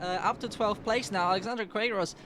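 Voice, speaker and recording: High-voiced analytical man co-commentator. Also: a little fast, background noise. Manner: steady analytical, opens turns with "indeed". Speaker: race co-commentator. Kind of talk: live sim racing commentary.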